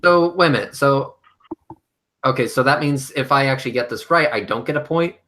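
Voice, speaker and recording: A man in a loose, profane group chat keeps his voice bright and forceful. He curses, bickers and sounds exasperated while arguing about claims. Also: medium pitch, brisk, a little hiss or hum. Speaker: panel participant debunking claims.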